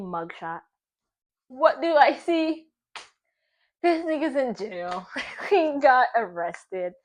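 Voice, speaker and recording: Young woman telling a wild story. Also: on the high side. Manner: animated, profane, laughing often. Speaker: vlogger. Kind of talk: casual storytelling while baking.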